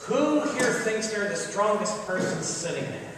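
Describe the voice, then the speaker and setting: Pastor coaxing kids in an echoey church. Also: male voice, high voice, expressive, a little slow, noisy background. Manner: friendly, coaxing children. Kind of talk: children's message with storytelling. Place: large church sanctuary. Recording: echoey church hall from far off.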